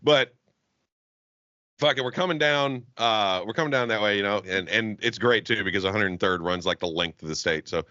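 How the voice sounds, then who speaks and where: A man's voice: lowish voice, moderate pace, no echo, highs cut off. A man co-hosting a casual comedy podcast, telling rambling, profane stories and acting out the people in them. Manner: profane, rambling storyteller with animated quoted voices. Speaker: podcast co-host. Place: Jacksonville, Florida.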